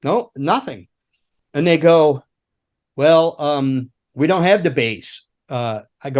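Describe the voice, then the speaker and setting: A man's voice: fairly high pitch, expressive, slow, a little mellow. An older man, a former roadie, telling rambling, profane road stories in casual chat, laughing and acting out quotes. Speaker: guest, former rock roadie.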